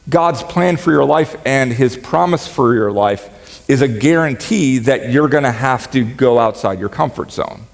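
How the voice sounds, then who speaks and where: Joking pastor in a reverberant hall. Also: male voice, medium pitch, vocal fry. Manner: conversational, joking, animated when quoting. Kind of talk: sermon. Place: church sanctuary.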